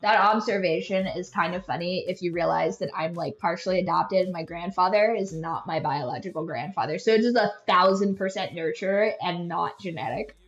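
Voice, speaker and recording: A young woman hosts a podcast, her fairly low voice moving at a moderate pace with hardly any pauses. She tells stories in a casual, rambling, self-deprecating way and leans heavily on "like" as a filler. The sound is dull and lo-fi, recorded in an echoey room.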